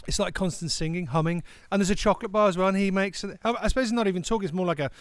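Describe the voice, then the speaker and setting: A man with a slightly high, smooth voice co-hosts a comedy podcast. He rambles through funny stories in casual chat and keeps slipping into silly voices. The sound is dry and close. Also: rapid-fire, no room sound. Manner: rambling storyteller who slips into silly voices. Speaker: podcast co-host.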